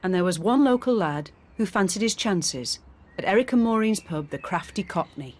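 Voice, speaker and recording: A woman reading scripted documentary narration in a measured, formal way. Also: medium pitch, animated, darkish tone. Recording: narration with faint music underneath.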